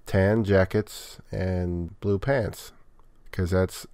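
A low-voiced man co-hosts a podcast in casual chat. He talks in a measured way with a wry, dry humor. The recording is dry and close to the mic. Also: steady tone, darkish tone, no echo. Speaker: podcast co-host.

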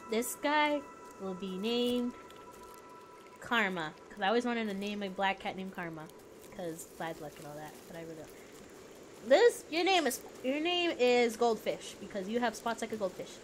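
A woman's voice: mid-range voice, animated, normal speed, slight background noise. A young woman streaming a game live, chatting playfully in squeals and baby talk. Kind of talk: live gameplay commentary. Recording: game music behind.

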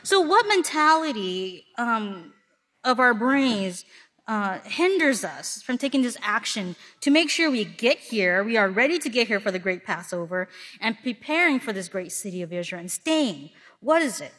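Woman sermon speaker from Milwaukee, higher-pitched voice, lively storyteller. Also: moderate pace. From Milwaukee, Wisconsin. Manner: lively storytelling with acted-out asides. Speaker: congregation speaker.

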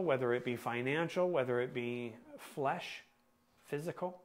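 A man preaching a sermon as pastor, asking the congregation questions and pausing to stress words. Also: medium pitch. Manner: asks the congregation questions, deliberate emphatic pauses.

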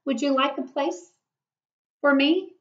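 A woman's voice: high-pitched, slow pace, fairly bright tone, pitched above the performer's own voice, heavily acted. A woman voicing a small young female hermit crab from a storybook, asking hopefully. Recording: echoey room, dull lo-fi.

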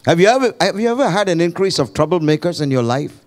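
A man preaching a sermon as pastor to his church, building to shouted, impassioned calls and call-and-response with the congregation. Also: a little high, expressive, fast talker.

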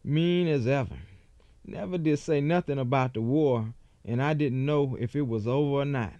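A man's voice: medium pitch, normal speed, mellow, no room sound, muffled recording. A man giving a dramatic first-person reading of a former slave's account, telling it in folksy rural dialect.

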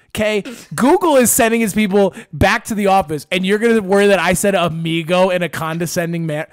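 A man rants through a casual podcast story, swearing and snapping into mock-angry outbursts. His voice sits high for a man. The recording is dry, with no room sound. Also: animated, brisk, dry recording. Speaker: podcast host.

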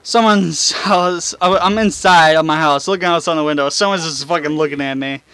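A man's voice: on the high side, moderate pace, pushed and bright, smooth, no room sound. A young man rambling and swearing through gameplay commentary at home, mocking himself as he goes. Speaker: gaming channel host. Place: room in his house. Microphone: face cam desk mic.

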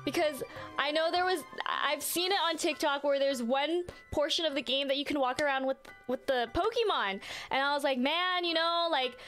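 A woman streaming a video game, chatting casually and telling stories in an animated way, with plenty of fillers and casual swearing. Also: high-pitched, moderate pace, faint music behind. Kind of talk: casual chat while playing a game live.

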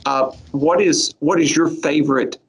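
A man interviewing a guest, asking questions in a measured, encouraging way. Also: a little high, fairly even intonation, breathy edge, poor audio.

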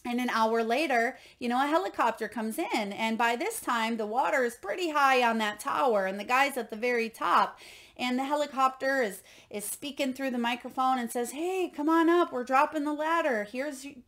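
A woman doing an oracle card reading as an intuitive coach, speaking gently and encouragingly to her viewers. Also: a little high, normal speed. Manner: gentle, encouraging, tells parables.

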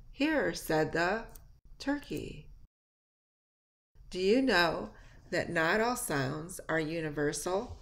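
A woman teacher reads a children's lesson slowly, her speaking voice sitting fairly low. She sings a nursery rhyme and jumps to high, loud imitations of animals and noises as she goes. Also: expressive. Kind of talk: slow read-aloud lesson for children.

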